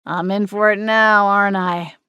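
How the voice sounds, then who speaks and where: A woman's voice: medium pitch, fairly even intonation, normal speed, sharp tone, clear, resonant tone, dry recording, clean studio sound, natural voice. A woman voicing an exasperated, grumbling young husband. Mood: wry.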